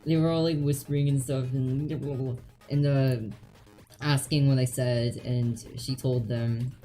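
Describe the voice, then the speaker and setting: A woman's voice: extremely low pitch, fairly even intonation, unhurried, mellow. A woman telling a story in casual chat, hesitant, with many fillers and giggles. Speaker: vtuber stream host. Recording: faint background music.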